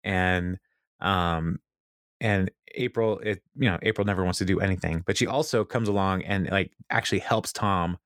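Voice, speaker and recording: A man with a fairly low voice talks through a TV episode in a loose, rambling way, full of fillers and little laughs. His voice sounds dry and close, with no room around it. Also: moderate pace, fairly bright tone, no echo. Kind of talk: casual recap of a TV episode.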